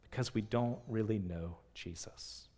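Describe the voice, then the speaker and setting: A man preaching a sermon, earnest and full of rhetorical questions, swinging between loud emphasis and quiet. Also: lowish voice, a little slow. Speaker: pastor. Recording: long reverb of a large hall.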